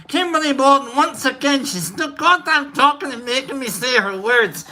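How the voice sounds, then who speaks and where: A man's voice: extremely high pitch, normal speed, few pauses, sharp tone, slight background noise. A man hosting a casual livestream chat in a put-on drunk Scottish accent, rambling and swearing with cackling laughs. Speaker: livestream host.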